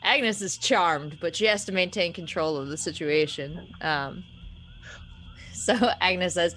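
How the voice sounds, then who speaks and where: A woman's voice: on the low side, measured pace, a bit bright, a little hiss or hum. A woman playing a tabletop game, narrating her character's actions in a chatty way, often laughing. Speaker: player.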